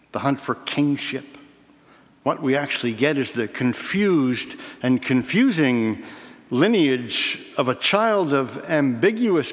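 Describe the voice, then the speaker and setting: Reflective male preacher in a reverberant hall. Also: medium pitch. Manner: measured, reflective preaching with slow emphatic pauses. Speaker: pastor. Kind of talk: sermon.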